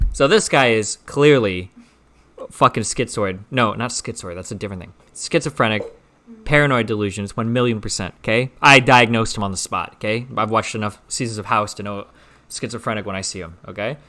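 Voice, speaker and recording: A young man streaming, teasing a visitor and telling a story in an animated, profane way. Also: fairly low pitch, fairly quick. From Omaha, Nebraska, US. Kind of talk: casual stream chat and storytelling.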